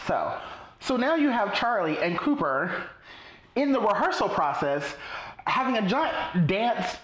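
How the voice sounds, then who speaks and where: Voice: mid-range voice, sing-song, a little slow, fairly bright tone, reverberant, rough recording. A person in casual chat recapping a film, blunt and incredulous, swearing freely.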